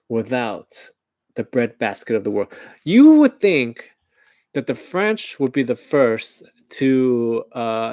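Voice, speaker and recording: American guy rambling thru news on a live, cracks himself up, talks slow, dry sound. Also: mid-range voice, vocal fry, no room sound. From United States. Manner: rambling, joking, laughs at his own jokes. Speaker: livestream commentator. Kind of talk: casual current-events commentary.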